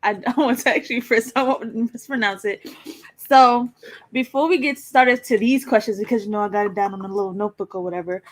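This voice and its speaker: A woman's voice: a little high, fairly quick. Easygoing woman hosting a podcast. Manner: easygoing, laughs along, short replies. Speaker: podcast host. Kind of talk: casual podcast interview.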